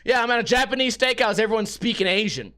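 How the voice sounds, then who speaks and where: High, bright-voiced rambling man. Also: quick pace, clean tone. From United States. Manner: rambling, profane, jokey storytelling. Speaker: podcast host. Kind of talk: casual podcast monologue.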